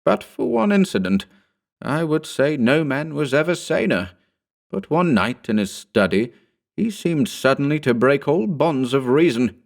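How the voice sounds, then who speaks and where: Uneasy male companion, higher voice, measured and hesitant, as the narrator puts him on. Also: sing-song, creaky. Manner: reluctant, measured.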